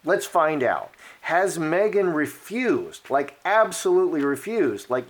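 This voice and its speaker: A man's voice: a little high, sing-song, unhurried, hardly any pauses. A man giving a casual card-reading commentary, chatty and repetitive, thinking aloud as he turns over each card. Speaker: card reader.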